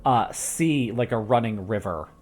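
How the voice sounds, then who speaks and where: A man's voice: lowish voice, unhurried. A man narrating a tabletop game as game master, rambling with many fillers and restarts, into a home microphone with a pop filter.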